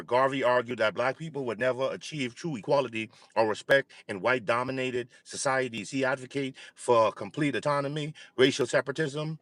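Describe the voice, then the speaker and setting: A man hosting a casual livestream, talking in halting starts with many fillers and repeated words. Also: medium pitch, fairly bright tone, dry recording. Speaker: livestream host.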